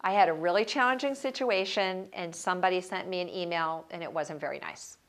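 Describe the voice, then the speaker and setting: Woman, motivational speaker, lively storyteller, acts out quotes, workshop talk. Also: lowish voice, fairly quick. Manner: animated storyteller, acts out quotes, laughs at herself.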